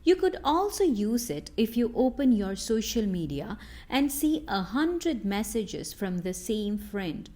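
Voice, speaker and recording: Slow, lively woman narrating a lesson. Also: mid-range voice. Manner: slow, clear, expressive delivery of example phrases. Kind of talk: scripted narration with acted example lines.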